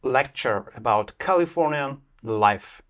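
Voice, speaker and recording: A man's voice: mid-range voice, lively intonation, slow pace, a bit bright. A man whose first language is Russian, interviewing in playful, stumbling English with many restarts. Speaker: interviewer, host. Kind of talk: casual interview.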